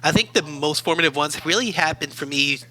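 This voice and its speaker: A man from Baltimore, a university academic adviser, telling personal stories as an interview guest in a measured, thoughtful way. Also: fairly high pitch, pushed and bright, rough recording. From Baltimore, USA. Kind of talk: reflective interview storytelling.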